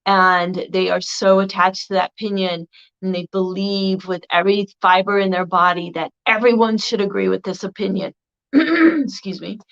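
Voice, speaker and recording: A woman's voice: mid-range voice, flat delivery, normal speed, gravelly, fairly bright tone, smooth. A woman vlogger recording a casual video response, rambling along with a slightly crackly voice. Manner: rambling, meandering delivery. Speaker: video blogger. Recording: dull lo-fi recording.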